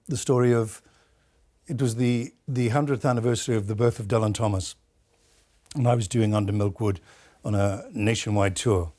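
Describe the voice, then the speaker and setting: A Welsh-born man speaking as a studio guest in a broadcast interview, telling a story with many pauses and fillers. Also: on the low side, a little mellow. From Wales.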